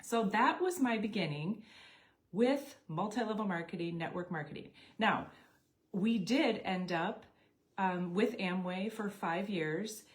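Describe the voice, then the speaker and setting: A woman's voice: medium pitch, unhurried. A middle-aged woman telling a personal story casually, acting out bits of dialogue. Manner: animated, acts out dialogue with quoted voices. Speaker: network marketing storyteller.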